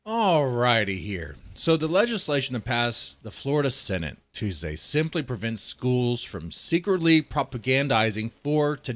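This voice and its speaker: A man's voice: medium pitch, a bit bright, no room sound. A man ranting in heated, profane political commentary, swearing often and reading articles aloud between outbursts.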